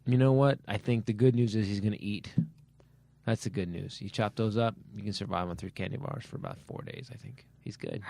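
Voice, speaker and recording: A man co-hosting a comedy podcast in casual chat, incredulous and quick to laugh, often cutting in with questions. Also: lowish voice, steady tone, creaky, warm tone. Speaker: podcast co-host.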